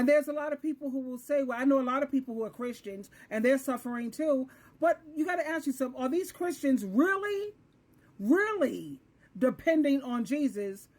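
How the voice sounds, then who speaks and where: Woman, high voice, earnest and emphatic host talking faith. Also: a little mellow. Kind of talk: religious commentary.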